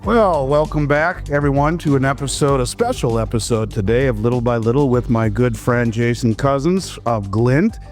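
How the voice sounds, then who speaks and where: A man's voice: medium pitch, normal speed, hardly any pauses, faint music behind. A man hosting a podcast interview, chatting in a friendly, rambling way with plenty of fillers and restarts. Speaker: podcast host. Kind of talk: casual interview chat.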